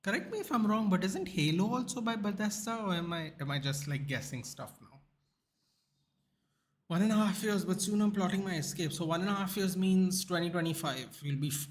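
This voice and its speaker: A man with an Indian accent, hosting a casual sports watchalong stream and chatting loosely with viewers, saying dude a lot and reacting excitedly. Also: on the high side, a little fast, slight background noise. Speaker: livestream host. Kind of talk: casual watchalong chat, reading viewer comments.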